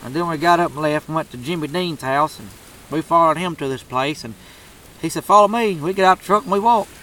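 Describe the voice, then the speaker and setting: A man's voice: fairly high pitch, fairly quick, fairly bright tone, poor audio. A man telling a turkey hunting story in a drawling, profane, laid-back way. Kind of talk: casual storytelling.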